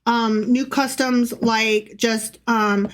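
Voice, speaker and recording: A woman's voice: fairly high pitch, fairly even intonation, slow pace, slight background noise. A woman co-hosting a podcast, mixing casual, swearing chat with reading passages aloud. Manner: chatty, swears, laughs easily, lots of likes and restarts.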